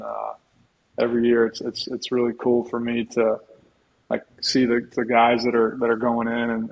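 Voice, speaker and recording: A middle-aged man with an ordinary mid-range voice, sitting in as a guest on a podcast. He tells long, rambling stories in a relaxed way, often restarting his sentences and adding humble asides. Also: mid-range voice, rough recording. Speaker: guest, former football player. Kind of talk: casual storytelling in a podcast interview.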